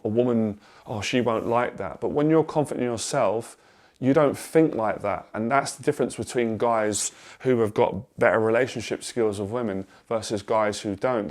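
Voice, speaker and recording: Speaking directly to the camera, a man gives dating and confidence advice in an earnest, emphatic monologue, repeating phrases for emphasis. His voice is mid-range and slightly mellow.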